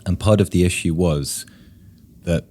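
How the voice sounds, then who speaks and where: A man with a very low, mellow voice offers measured, analytical points on a casual podcast. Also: slight background noise. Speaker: podcast co-host.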